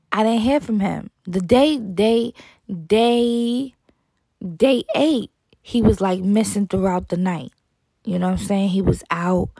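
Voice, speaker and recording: A woman tells a dating story straight to the listener, swearing freely and acting out what each person said. Her voice has a gravelly, fry-laden edge. The sound is dry and close, with no room around it. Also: mid-range voice, no echo. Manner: animated, profane, mimics quoted dialogue. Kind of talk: casual storytime monologue.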